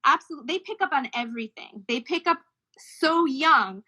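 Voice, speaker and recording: Bright high-voiced woman explaining clearly. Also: animated, moderate pace, low-quality recording. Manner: explanatory, demonstrates baby sounds. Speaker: speech-language pathologist guest. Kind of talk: informative talk on child language development.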